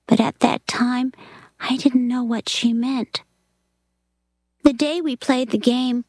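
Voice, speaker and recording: A woman reads a novel aloud at a slow, unhurried pace. Her delivery is soft and reflective, and some phrases sink to a whisper. The recording is dry and close. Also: on the high side, dry recording. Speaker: reader.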